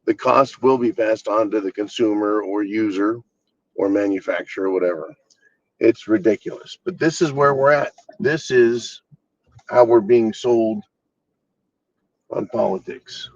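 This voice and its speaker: A man's voice: lowish voice, unhurried, no echo, dull audio. A man hosting his own channel, ranting bluntly and with exasperation, swearing freely. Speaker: channel host. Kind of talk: casual political rant.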